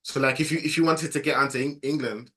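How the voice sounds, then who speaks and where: This Brummie man has a bright, forward, slightly tense tone. He chats about football in a relaxed, conversational way as a guest pundit. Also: medium pitch, quick pace. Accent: Birmingham. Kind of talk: casual football chat.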